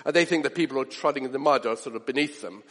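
A man preaching a sermon in an animated way, acting out the voices of people he quotes. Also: mid-range voice, very fast. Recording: long hall reverb.

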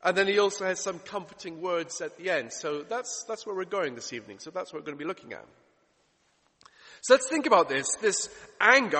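High-voiced man preaching in a reverberant hall. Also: expressive, fairly quick, sharp tone. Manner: expository, rhetorical questions, emphatic repetition. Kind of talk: sermon.

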